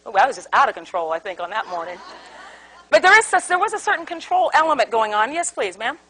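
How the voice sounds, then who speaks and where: A woman speaks to a live seminar audience in a high voice that swoops widely. She tells her stories with animation, acting out the quotes. She keeps putting questions to the room. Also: big pitch swings, fast, pushed and bright, some chatter behind, low-quality recording. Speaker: conflict resolution speaker. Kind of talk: interactive seminar talk.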